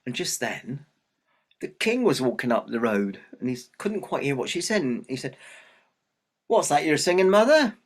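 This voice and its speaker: Husky male storyteller. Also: mid-range voice, moderate pace. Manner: lively, chatty, addresses the audience. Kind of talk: oral folk tale telling.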